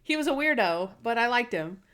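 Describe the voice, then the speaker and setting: A woman co-hosting a TV recap podcast in casual chat, acting out scenes with sudden high voices. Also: brisk, clear, resonant tone. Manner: animated, acts out scenes in high squeaky voices. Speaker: podcast co-host.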